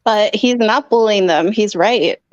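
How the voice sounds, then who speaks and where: A woman's voice: mid-range voice, a little slow, dry recording. Giggly woman on a lo-fi mic. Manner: giggly, easygoing. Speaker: co-host. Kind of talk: casual stream chat. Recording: dull lo-fi mic.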